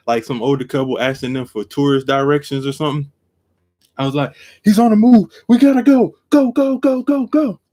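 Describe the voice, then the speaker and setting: A man telling a story on a live stream, acting out each line and jumping from quiet to loud, seated at his desk camera. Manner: acts out every quote, jumps from low to loud. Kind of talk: animated storytelling.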